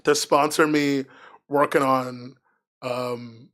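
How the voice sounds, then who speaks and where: A man's voice: medium pitch, little pitch movement, slow pace, fairly bright tone. A man streaming live, chatting casually in a rambling, frank, self-mocking way. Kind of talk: casual livestream chat.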